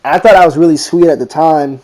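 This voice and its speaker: A man's voice: a little high, fast. A teenage boy casually telling a rambling story in slangy talk, acting out what people said. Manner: slangy, rambling, animated retelling with quoted voices. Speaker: vlogger.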